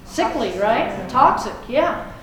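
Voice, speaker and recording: Lady teacher chatting w her class, kinda high voice, really echoey far-off room. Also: expressive, slow, fairly bright tone. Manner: chatty, folksy, checks in with "okay?" often. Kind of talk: classroom lecture.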